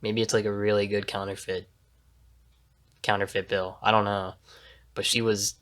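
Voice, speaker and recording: A man's voice: lowish voice, little pitch movement, normal speed, pauses often. A young man co-hosting a casual podcast, telling a rambling story full of fillers and swearing. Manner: rambling storyteller with many fillers, loud laughing shouts when mimicking. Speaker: podcast co-host. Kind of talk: casual chat.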